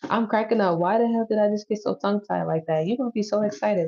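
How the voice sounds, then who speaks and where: Woman, chatty tarot reader, relaxed dark tone, muffled lo-fi sound. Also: mid-range voice, fast. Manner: loose, chatty, swears and laughs easily. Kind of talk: casual tarot reading to camera. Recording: dull lo-fi audio.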